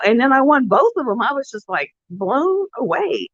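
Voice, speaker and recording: A woman's voice: sing-song, normal speed, no room sound, muffled recording. Rambling woman in her fifties. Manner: rambling storyteller, voice leaping high when quoting people. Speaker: vlogger. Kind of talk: casual chat to viewers.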